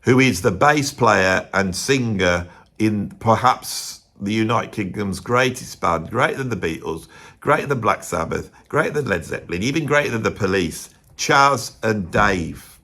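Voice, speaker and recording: A man's voice: lowish voice, animated, a little slow, pushed and bright. A man, middle-aged, counting down his favourite musicians in a chatty, rambling and emphatic way, peppered with "right". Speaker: musician and video host. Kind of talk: opinionated music countdown vlog.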